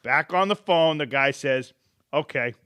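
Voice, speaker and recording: A man's voice: fairly high pitch, a little slow, sharp tone, clean tone, no room sound, studio quality. A man co-hosting a casual podcast, reading corny jokes aloud and laughing at them. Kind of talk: casual chat.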